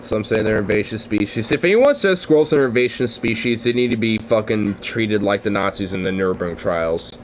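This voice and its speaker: A man chatting casually as a streamer, rambling, swearing often and getting excited, with lots of fillers. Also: on the low side, brisk, hardly any pauses, slight background noise, poor audio. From Oregon, US. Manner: profane, excitable, trailing off with fillers.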